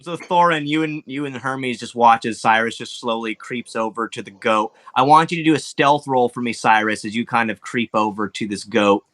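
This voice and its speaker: A man's voice: medium pitch, normal speed, few pauses, fairly bright tone. A young man running a tabletop game as dungeon master, narrating casually with many fillers and restarts. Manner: rambling, filler-heavy, laughing.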